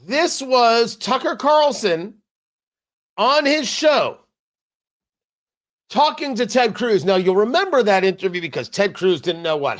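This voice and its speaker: Male talk show host doing a political rant, sarcastic and jokey, voice goes high and swings all over. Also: animated, unhurried. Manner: sarcastic, emphatic, jokey asides. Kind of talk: political commentary monologue.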